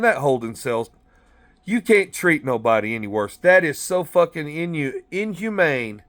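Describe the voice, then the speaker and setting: A man who is a former corrections officer, telling blunt, profane stories in a rambling monologue from inside a car. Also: a little high. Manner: profane, blunt, animated storytelling.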